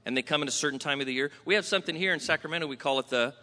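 A man from Southern California preaching a sermon in a conversational, animated way, questioning the congregation. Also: a little high, very fast. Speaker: pastor. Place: church sanctuary. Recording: long hall reverb.

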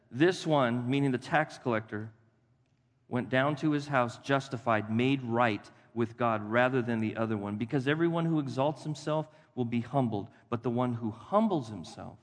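Animated male pastor preaching in a hall. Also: mid-range voice. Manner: animated, acts out voices of Bible figures. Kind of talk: sermon. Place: church sanctuary. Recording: long hall reverb.

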